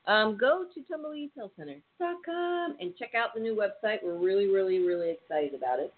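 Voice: medium pitch, expressive, fairly quick. A radio show host talking in a chatty, rambling way and laughing easily. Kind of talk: casual radio chat. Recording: phone-like sound with faint hiss.

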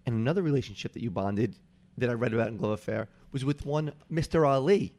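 A man's voice: medium pitch, fast, darkish tone. Guy hosting a podcast, eager and chatty, lots of questions. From Long Island. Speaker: podcast host. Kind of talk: casual interview.

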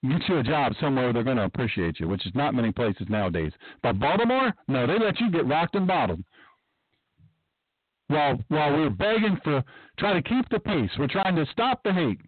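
A man hosts a talk radio monologue in a somewhat high voice, pressing his points with emphasis and circling back to repeat them. The sound is thin and phone-like, with a dry, close quality and no room around it. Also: very animated, a little fast, no echo. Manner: emphatic, rambling, repeats himself. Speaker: podcast host.

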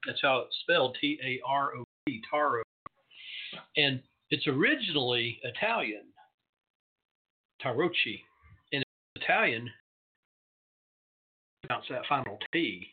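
A man's voice: medium pitch, unhurried, long pauses, breathy edge. A man hosting an internet radio show, chatting in a rambling, digressive way with lots of fillers. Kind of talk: casual solo radio talk. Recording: tinny phone-line audio.

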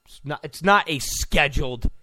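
A man's voice: on the high side, animated, normal speed, sharp tone. A man ranting sarcastically as a political commentator, mocking and full of insults.

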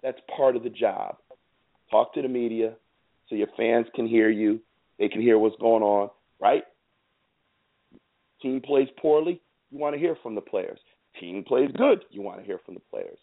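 A man's voice: medium pitch, normal speed, long pauses. A man hosting a sports show, ranting in a heated, repetitive and emphatic way. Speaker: show host. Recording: tinny phone-like sound.

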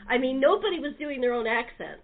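A woman hosting a chat show, telling stories in a lively way and laughing often, heard over a phone-line recording. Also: sits high, a little fast. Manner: laughing, animated storyteller. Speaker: talk show host. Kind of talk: casual chat.

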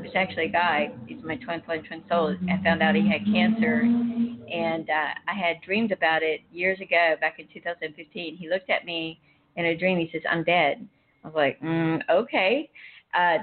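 A woman telling a personal faith story in casual chat, emotional and rambling with frequent restarts. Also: sits low. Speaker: guest sharing a personal story. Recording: tinny phone line.

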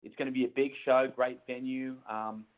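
A man from Australia with an Australian accent, a guest speaking in a measured way with many pauses. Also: mid-range voice. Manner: even, measured with many ums. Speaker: guest, bodybuilding federation president. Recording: tinny phone line.

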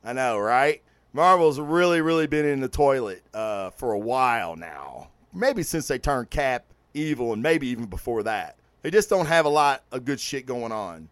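A man hosting a casual podcast, reviewing a movie and comics in an excited, profane, rambling way with many restarts. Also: mid-range voice, moderate pace, dry recording. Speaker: podcast host.

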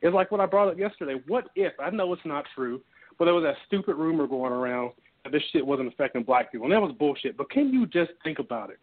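A man's voice: a little high, animated, quick pace. A man talking bluntly and heatedly with heavy swearing, co-hosting a casual podcast. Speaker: co-host. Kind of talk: casual profane podcast chat. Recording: tinny phone line.

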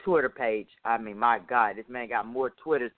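A man's voice: mid-range voice, normal speed, dry recording. A male host in a casual interview, chatty and hesitant, laughing often. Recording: tinny phone line.

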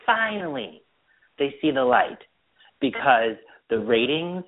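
A man chatting as a podcast host, his pitch swinging widely as he tells stories and laughs often. The sound is thin and narrow, like a phone line. It is loose, casual talk among friends. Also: unhurried. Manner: animated storyteller, laughs often. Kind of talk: casual chat.

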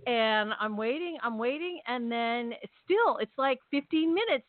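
A woman's voice: fairly high pitch, a little slow, hardly any pauses, no echo. Chatty woman on a tinny call line. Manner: animated, chatty, acts out her own lines. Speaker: podcast co-host. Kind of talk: casual storytelling chat. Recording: tinny phone-like call audio.

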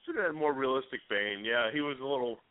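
A man with a medium-pitched voice talks fast while co-hosting a radio show. He chats casually, rambling and hesitating with lots of fillers. The audio is dry and tinny, as if over a phone.

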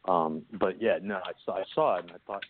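Deep-voiced man rambling on a phone line. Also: a little fast. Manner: hesitant, restarts and trails off. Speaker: caller. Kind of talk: casual call-in chat. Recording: tinny phone line with faint noise.

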